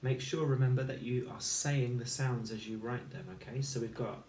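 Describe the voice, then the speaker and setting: A man teaching a recorded phonics lesson for children, speaking slowly and clearly and sounding out each letter and word. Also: medium pitch, fairly even intonation, a little mellow, a little hiss or hum. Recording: echoey room, voice a little far from the mic.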